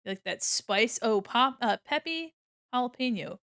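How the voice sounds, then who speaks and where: A woman's voice: a little high, animated, measured pace, fairly bright tone, clean tone, no echo. Chatty American woman, dry close sound. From United States. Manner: chatty, giggly, thinks aloud as she works. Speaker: art streamer. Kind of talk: casual chat while drawing on stream.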